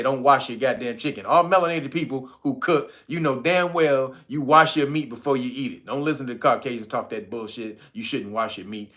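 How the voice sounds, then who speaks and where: A commentary vlogger with a medium-pitched, sharp voice rants in casual, slangy style. He swears freely and keeps breaking into laughs.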